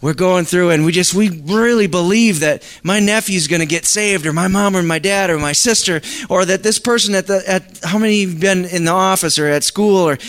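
A man's voice: high-pitched, moderate pace, few pauses, fairly bright tone. A man preaching a conversational sermon, reading scripture aloud and asking his congregation questions. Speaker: pastor.

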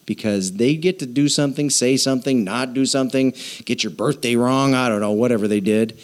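A man, a pastor, preaching a sermon in a playful way, acting out little dialogues in quick voices. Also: medium pitch, lively intonation.

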